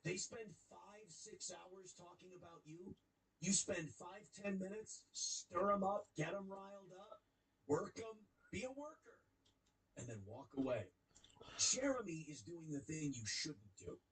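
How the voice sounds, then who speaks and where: A man's voice: high voice, lively intonation, a little slow, a bit bright, poor audio. A man played as a clip, confidently lecturing about handling internet trolls. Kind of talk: casual chat.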